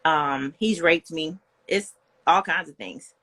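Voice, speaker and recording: A woman's voice: low-pitched, slow pace, sharp tone. A young woman, speaking as a guest in a candid, personal storytelling style, earnest and frank, with plenty of "like" and "you know".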